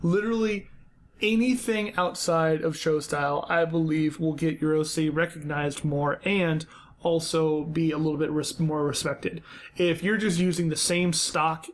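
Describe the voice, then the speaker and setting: A man's voice: on the high side, steady tone, a little slow. Blunt casual male podcast host. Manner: blunt, casual, with many fillers and restarts. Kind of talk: unscripted critique chat.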